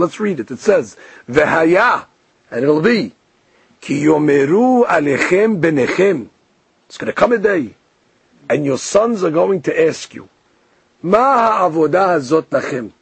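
A man giving a lively Torah lesson, explaining verses, quoting Hebrew phrases and often repeating words. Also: high voice, vocal fry, breathy edge, no echo.

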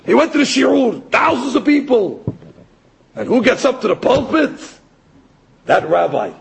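Man, sermon, storytelling, high-pitched, gravelly, very husky. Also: a little slow, poor audio. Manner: animated storyteller, rising to emphatic peaks. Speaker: rabbi or Torah teacher.

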